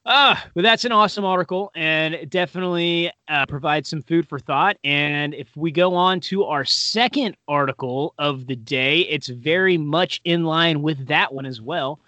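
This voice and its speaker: Bright-voiced rambling podcast man. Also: on the high side, normal speed, hardly any pauses, no echo, muffled recording. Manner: rambling, self-deprecating, many fillers. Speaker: podcast co-host. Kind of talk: casual podcast chat.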